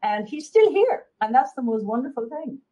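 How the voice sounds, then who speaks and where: A woman's voice: on the high side, big pitch swings, normal speed, warm tone, rough recording. A middle-aged Irish woman, a guest therapist, chatting freely in an interview, with many fillers and restarts. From Ireland. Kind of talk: casual interview chat.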